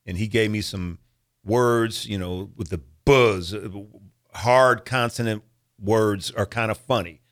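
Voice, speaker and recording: A middle-aged actor and comedian with a lowish voice talks a little slowly while telling stories in a casual interview. He's an animated storyteller who acts out other people's voices and laughs frequently.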